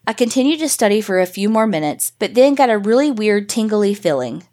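A woman podcast host reading a first-person paranormal story in a casual, profane, animated way. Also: mid-range voice, fairly quick.

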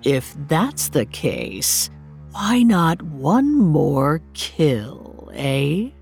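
Woman voicing a cruel sneering brute of a man, snide and slow, faint score under. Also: sits low, very animated, creaky, darkish tone, husky, faint music behind, pitched below the performer's own voice, heavily acted. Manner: snide, taunting.

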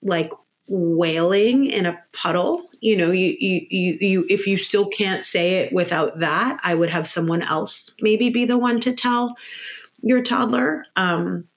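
A woman guest expert giving practical, direct parenting advice in a relaxed discussion. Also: mid-range voice, unhurried.

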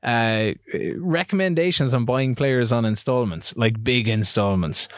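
A man hosts a relaxed podcast chat, often breaking into laughter and stumbling through restarts. His voice sits at an ordinary middle pitch. The sound is dry and close, with no room in it. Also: a little slow, no echo. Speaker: podcast host. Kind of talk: casual chat.

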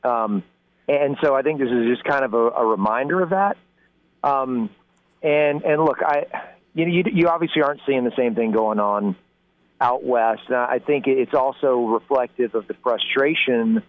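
A man's voice: mid-range voice, moderate pace, no room sound. A man calling in as a guest sports analyst, talking conversationally with many fillers. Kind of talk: radio interview by phone. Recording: tinny phone line.

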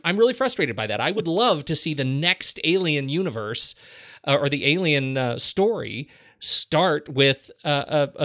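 A man's voice: fairly high pitch, fairly bright tone, no echo. Guy rambling about a movie in a dry room, lots of restarts. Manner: chatty, many restarts and fillers. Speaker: film podcast host. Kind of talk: casual film discussion.

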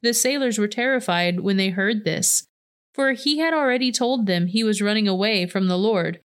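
A woman reading a Bible passage aloud in a steady, measured way. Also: medium pitch, clean tone. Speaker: scripture reader.

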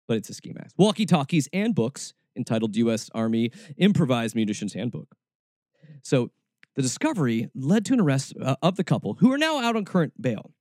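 A man hosting a podcast, giving mocking, sarcastic commentary that jumps into high, shrill bursts. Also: dry recording, studio quality. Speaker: podcast host. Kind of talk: satirical commentary.

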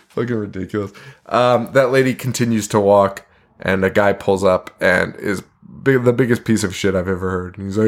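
A man's voice: lowish voice, moderate pace. Laughing, swearing man in casual chat. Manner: laughing often, swearing, retelling scenes with put-on quotes. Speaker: podcast co-host.

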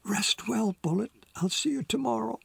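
A man reading an audiobook, voicing a grieving woman who speaks softly and tearfully about her sick dog. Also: a little high, big pitch swings, unhurried, gravelly, slightly rough, no room sound, heavily acted. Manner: soft, tearful, near whisper.

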